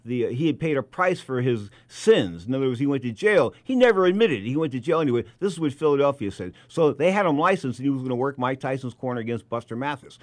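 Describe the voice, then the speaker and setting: A man's voice: mid-range voice, sing-song, fast talker, few pauses, no room sound. A male talk show host in full storytelling mode, repeating his points and building to angry peaks. His voice sits in a middle register. The sound is dry and close with no room around it. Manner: emphatic, repeats phrases, storytelling with bursts of anger. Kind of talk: animated radio talk show monologue.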